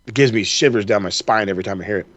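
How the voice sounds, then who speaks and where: A man co-hosting a podcast, chatting casually with a profane, animated ranting manner. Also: lowish voice, very fast. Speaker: podcast co-host. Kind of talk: casual chat.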